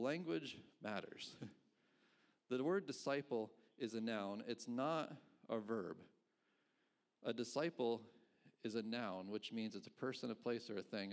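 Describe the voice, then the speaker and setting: Middle-aged guy preaching, chatty, lots of rhetorical questions, little chuckles, normal pitch. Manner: conversational, asks rhetorical questions, chuckles between points. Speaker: pastor. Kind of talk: sermon.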